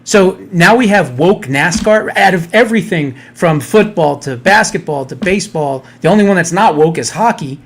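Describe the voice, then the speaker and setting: Male radio host, slightly high, blunt ranting delivery. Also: expressive, normal speed, hardly any pauses. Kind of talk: casual political talk.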